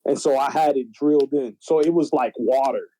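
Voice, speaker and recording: A young man in casual podcast chat, telling stories in an animated, slangy, profane way. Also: medium pitch, moderate pace, low-quality recording. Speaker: podcast guest.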